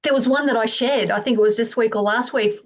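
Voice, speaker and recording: A woman joining a video call in casual chat, excited and quick, with laughing asides. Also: fairly high pitch. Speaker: participant on the call. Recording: muffled lo-fi call audio.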